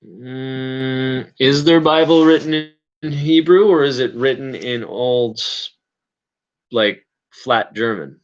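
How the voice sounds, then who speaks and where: This livestream host from Canada speaks slowly in a medium-pitched voice, and the recording has its highs cut off. His casual chat wanders, full of hesitations, fillers, and frequent self-corrections and restarts.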